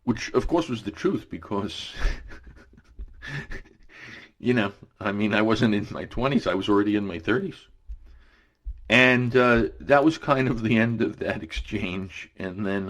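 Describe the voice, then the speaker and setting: A man's voice: lowish voice, unhurried, pauses often, fairly bright tone. A man in his forties telling casual anecdotes on radio, rambling with many fillers and restarts. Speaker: radio guest storyteller.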